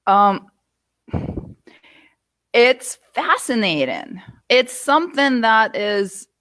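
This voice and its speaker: A woman from the United States, a guest telling her story candidly with animated asides. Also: mid-range voice, no room sound. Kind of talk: interview conversation.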